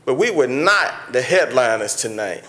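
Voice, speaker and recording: A man's voice: medium pitch, big pitch swings, normal speed, pushed and bright. A man, a mayor giving a preacherly banquet speech from a podium that builds to impassioned peaks. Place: large banquet hall with an audience.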